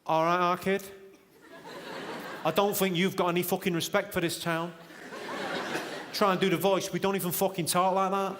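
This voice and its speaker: A confrontational northern English bloke with a blunt, combative tone, as a stand-up comic puts him on. He speaks a little higher than an ordinary man. The voice rings out in a big reverberant hall over loud audience noise. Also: little pitch movement, normal speed, long pauses, close to an everyday voice. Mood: aggressive.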